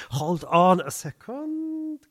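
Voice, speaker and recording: A man's voice: sits high, big pitch swings, very slow, heavily acted. A man playing a pompous male supervillain with a German accent, who blusters and barks insults.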